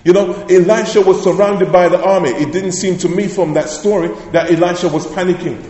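A man's voice: high-pitched, steady tone, a little fast, a little mellow. A male pastor preaching a sermon with emphatic declarations, repeated phrases and rhetorical questions, in a church. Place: church sanctuary. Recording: echoey church hall with long reverb.

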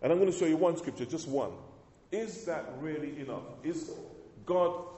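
Male pastor, mellow and fairly high, preaching in a big echoey church; builds to emphatic lines. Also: normal speed, slight background noise. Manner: preaching with rising emphasis, calls for amens. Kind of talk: sermon.

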